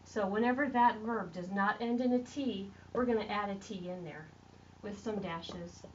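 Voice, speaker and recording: A woman's voice: medium pitch, normal speed, a little mellow, a little hiss or hum. Woman, French teacher, step-by-step explanations, far from the mic, muffled sound. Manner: explains step by step, writing on a board. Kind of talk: classroom grammar lesson. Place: classroom at a board. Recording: distant lo-fi classroom recording.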